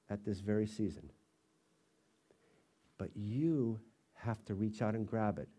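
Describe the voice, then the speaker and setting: Mellow-voiced man preaching a sermon. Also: lowish voice. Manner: expressive, acts out quoted voices. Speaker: pastor of a college fellowship.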